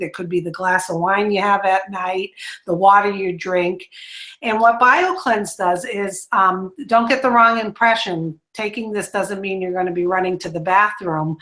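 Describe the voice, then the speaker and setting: A woman's voice: medium pitch, fairly bright tone. A woman hosting a call, giving an upbeat, explanatory product presentation to an audience and checking in with "okay". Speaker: host.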